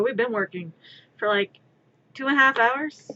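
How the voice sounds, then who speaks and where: A woman's voice: a little high, normal speed, sharp tone, lo-fi sound, slight background noise. A woman streaming her crafting, chatting in a rambling, playful way from her own room, sometimes scolding her cat. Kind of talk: casual live-stream chatter.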